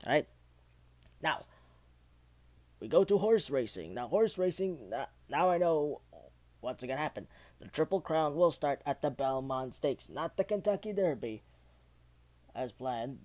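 Amateur male news host, mellow and relaxed, halting and rambling delivery full of restarts. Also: medium pitch. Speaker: host of a homemade news show. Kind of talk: casual news roundup.

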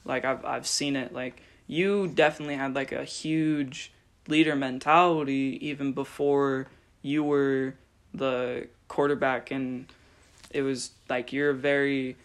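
A man's voice: mid-range voice, little pitch movement, unhurried. A young man hosting a casual interview podcast, rambling with many filler words as he asks questions. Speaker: podcast host.

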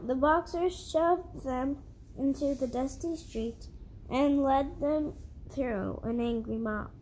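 A woman's voice: high voice, takes it slowly, mellow, a little hiss or hum, rough recording. A woman reading a historical Christian story aloud in an earnest way, often stumbling over words and correcting herself.

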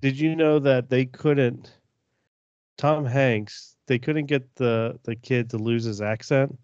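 A man's voice: mid-range voice, fairly even intonation, slow, darkish tone, no room sound. A man co-hosting a casual podcast chat, joking and playfully argumentative. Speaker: podcast co-host. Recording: dull dry sound.

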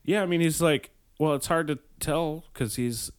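A man hosting a podcast in casual chat, joking crudely with frequent swearing and halting restarts. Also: fairly high pitch, smooth. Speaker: podcast host.

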